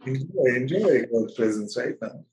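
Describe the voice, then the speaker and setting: A man leading a spiritual satsang over an online call, speaking gently and slowly with frequent laughter. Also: mid-range voice, slight background noise, low-quality recording. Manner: gentle, slow and playful, laughs often. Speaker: spiritual teacher. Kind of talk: satsang talk. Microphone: video call.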